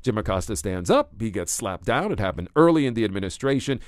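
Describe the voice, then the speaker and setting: Man, podcast host, animated pitch, dry close sound, playful teasing, upbeat ad reads. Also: fast talker, no room sound. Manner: playful teasing, lively read of sponsor spots. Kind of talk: casual podcast chat and live ad reads.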